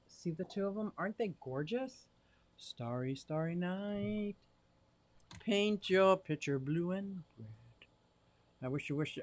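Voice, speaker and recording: High-voiced excitable man chatting live. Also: no echo. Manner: chatty and excitable, thinks aloud while fiddling with gear. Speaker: aquarium hobbyist livestreamer. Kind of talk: casual live stream chat to viewers. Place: home fish room. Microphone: directional microphone.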